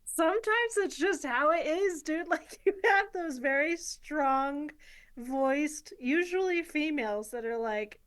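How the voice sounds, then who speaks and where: A woman's voice: high-pitched, expressive, slow pace, a bit bright. Laughing woman podcast host. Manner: reactive, laughs often, asks follow-up questions. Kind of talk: casual interview chat.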